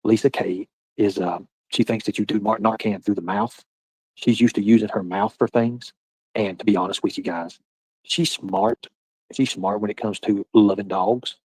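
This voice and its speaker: A husky, slightly low-voiced man hosts a casual livestream and rambles through profane banter with his viewers. He talks loud and loose, with a dry, close sound. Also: steady tone, moderate pace, no room sound, low-quality recording. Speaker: livestream host.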